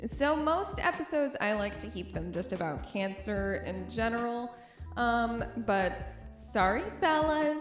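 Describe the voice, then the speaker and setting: A young woman hosting a podcast in a casual, chatty monologue, with a slightly rough morning voice, joking at her own expense and laughing easily. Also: a little high, expressive, measured pace, roomy sound, faint music behind. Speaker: podcast host.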